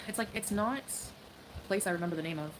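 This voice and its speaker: A woman's voice: mid-range voice, normal speed, noisy background. A woman chatting casually with her stream viewers, greeting them by name. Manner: chatty, reads out viewer names. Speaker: livestreamer.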